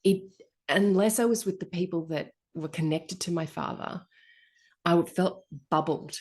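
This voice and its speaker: A woman hosting a conversation, speaking in a gentle, reflective way. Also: lowish voice, unhurried, breathy edge. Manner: gentle and reflective, with many soft affirmations.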